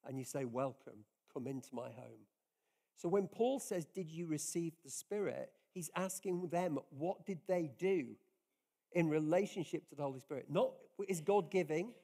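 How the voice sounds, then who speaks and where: A man's voice: a little high, moderate pace, mellow. A man preaching a sermon in an earnest, conversational way, often restarting his sentences as he talks to his congregation. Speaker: pastor. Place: church service.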